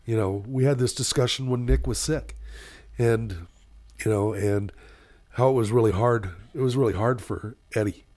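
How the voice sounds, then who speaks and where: Casting: middle-aged male paramedic, casual podcast talk, emotional, halting, filler-heavy storytelling. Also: mid-range voice, darkish tone. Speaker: paramedic guest.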